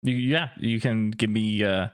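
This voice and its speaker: A man narrating as game master, describing scenes with an animated, descriptive storytelling manner. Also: lowish voice, measured pace, dry recording, clean studio sound. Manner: descriptive, lively storytelling with many ums.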